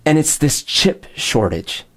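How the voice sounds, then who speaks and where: A man's voice: a little high, big pitch swings, a little slow. A man in casual conversation, telling a long story and acting out both sides of the dialogue. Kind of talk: casual chat.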